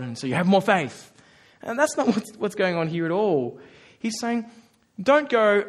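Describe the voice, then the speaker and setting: A man preaching a sermon, animated and conversational, often acting out the voices of the people he quotes. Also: high voice, normal speed.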